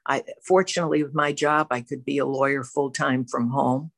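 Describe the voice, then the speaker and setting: A woman's voice: a bass voice, fairly even intonation, moderate pace, gravelly, no room sound. A woman telling her personal recovery story in a candid, self-reflective way, as a member of a twelve-step program speaking to a camera. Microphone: facing a camera.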